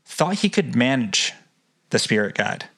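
A man's voice: mid-range voice, very animated, measured pace, a bit bright. Man reading aloud with chatty asides. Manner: swears casually, chatty asides. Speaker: podcast co-host. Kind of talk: reading a book aloud with casual commentary.

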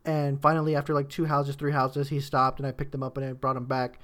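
A man's voice: mid-range voice, monotone, quick pace, a bit bright. A man recounting events in easygoing casual chat.

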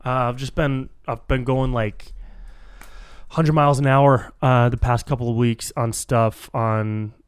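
A man hosts a solo podcast on a podcast microphone, speaking a little slowly in a medium-pitched, clean-toned voice with fairly even intonation. He rambles and freestyles casually, swears freely, and keeps calling everyone dude, in a dry, studio-quality recording.

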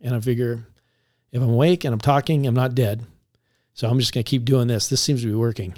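A man, a police officer, recounting a story in a relaxed conversational way, laughing now and then as he talks. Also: medium pitch, brisk. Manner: animated, laughs while recounting.

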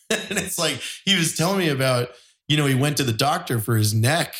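A man with a somewhat high voice talks easily in a casual podcast chat. He tells stories at an unhurried, conversational pace. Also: expressive, a bit bright. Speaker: podcast host.

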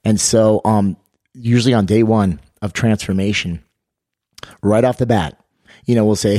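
A man with a low, dark and mellow voice tells a story on a podcast with lots of energy. He acts out the people in his story. The sound is dry and close. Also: moderate pace, long pauses, no room sound. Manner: energetic storyteller, acts out quotes with raised pitch. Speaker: podcast co-host and fitness coach.

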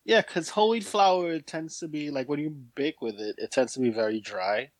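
A man's voice: fairly high pitch, normal speed. A man chatting casually as a co-host, an easygoing listener who chuckles along. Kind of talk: casual chat.

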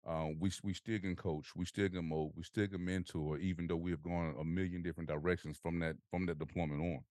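Male podcast host, forties, very low voice, dry close sound, lively storyteller. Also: fairly quick, no room sound. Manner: animated storytelling, laughs often, acts out quotes. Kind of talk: casual conversation.

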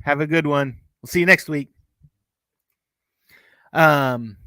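A man's voice: on the high side, bright, forceful tone, clear, resonant tone, dry recording. A man co-hosting a fan review podcast in casual chat, often stumbling over his words and restarting sentences. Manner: halting, many restarts and fillers. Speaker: podcast co-host.

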